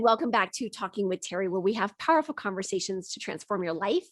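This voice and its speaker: A woman's voice: medium pitch, expressive, fast, few pauses, no room sound, clean studio sound. A woman hosting a talk show, chatty and bubbly, giggling often with lots of fillers. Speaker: host. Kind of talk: scripted intro then casual interview chat.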